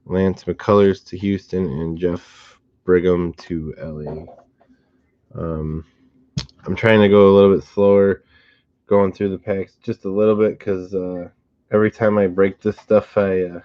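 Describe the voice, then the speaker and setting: A man chatting casually as he opens packs of cards, halting and restarting his sentences in a laid-back way. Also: deep voice, fairly even intonation, dry recording, highs cut off. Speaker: card breaker. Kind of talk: casual chat while opening packs.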